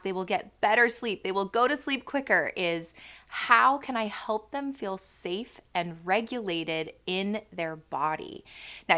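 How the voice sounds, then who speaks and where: Casting: woman, 30s, friendly vlog host, bright tone, chatty and loose. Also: mid-range voice. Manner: chatty, filler-heavy, animated quoting. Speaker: channel host, postpartum educator. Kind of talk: casual educational vlog.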